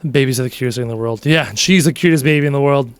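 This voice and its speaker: A man in his thirties chatting casually with his live-stream viewers, telling stories in an animated way and answering their questions. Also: medium pitch, rapid-fire, clean tone, soft background music.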